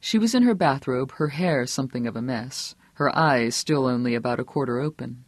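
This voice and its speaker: A man's voice: mid-range voice, no room sound. Man narrating a novel, dry and close. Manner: steady, measured storytelling. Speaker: audiobook narrator. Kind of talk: scripted narration.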